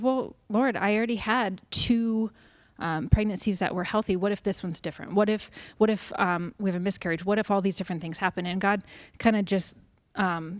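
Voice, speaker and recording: A woman's voice: mid-range voice, no echo. Earnest woman sharing a church testimony. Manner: earnest, halting with many fillers. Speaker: mother sharing family testimony. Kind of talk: personal testimony. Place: church pavilion.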